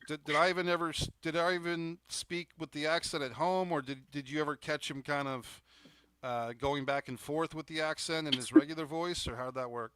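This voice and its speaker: A male co-host chatting casually and relaxed, often saying "you know" and "I mean.". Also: a little high, normal speed, smooth. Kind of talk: casual chat.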